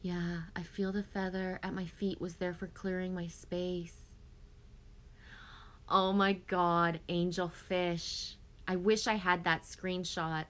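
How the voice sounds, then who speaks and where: A woman's voice: fairly low pitch, fairly even intonation, slow, sharp tone. A woman hosting a casual live stream, chatting with viewers, reading their comments aloud and laughing often.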